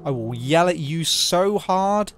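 A man's voice: on the high side, expressive, takes it slowly. A young man talking casually and swearing while playing a game, joking and rambling. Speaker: let's play host. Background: game music.

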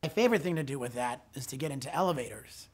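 A man doing stand-up comedy with a deadpan, self-mocking delivery. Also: mid-range voice, fast talker, heavy background noise. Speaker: comedic actor.

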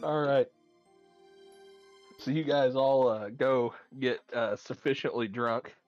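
A man's voice: medium pitch, fairly even intonation, slow pace, faint music behind. A man running a tabletop game as game master, chatty and laughing, with many fillers, on dull lo-fi audio.

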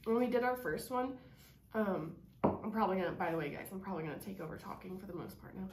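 A woman's voice: mid-range voice, quick pace. A woman in her thirties rambles through casual chat with plenty of fillers, her mouth burning and drooling from spicy food. She is recorded at home in an echoey room with a faint hiss behind her. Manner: chatty, rambling, with many fillers. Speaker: channel co-host.

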